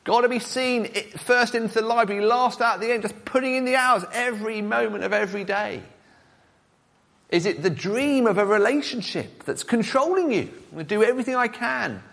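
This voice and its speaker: A man's voice: very high voice, normal speed, gravelly. A man preaching a sermon, speaking straight to the congregation and putting questions to them. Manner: animated, questions the congregation directly.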